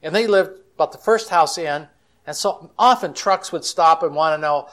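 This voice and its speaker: A man's voice: on the high side, normal speed, fairly bright tone. A man speaking as a Christian counselor at a conference, telling stories in a folksy, chatty way and acting out the quotes. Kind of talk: storytelling conference talk.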